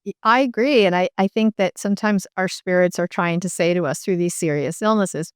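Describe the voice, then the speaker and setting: Middle-aged woman explaining with a smooth voice. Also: fairly low pitch, normal speed, few pauses, no room sound, clean studio sound. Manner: explanatory, many fillers and restarts. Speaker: medical intuitive and author. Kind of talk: interview guest.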